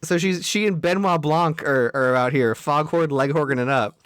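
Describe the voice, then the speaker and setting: A man's voice: a little high, moderate pace, fairly bright tone, clear, resonant tone, no echo. A man co-hosting a casual podcast chat in a wry tone, retelling scenes with quoted asides. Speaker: podcast co-host.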